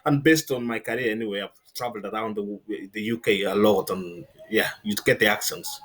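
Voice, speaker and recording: Man, low-pitched, middle-aged, from kenya, relaxed storyteller, filler-heavy interview guest. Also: brisk, breathy edge. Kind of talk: casual interview chat.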